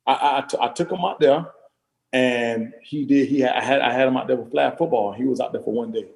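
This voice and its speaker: A man in his thirties from South Florida, telling stories as a guest in a casual interview, animated and repeating his phrases. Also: medium pitch, fairly quick, creaky. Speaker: interview guest, retired football player.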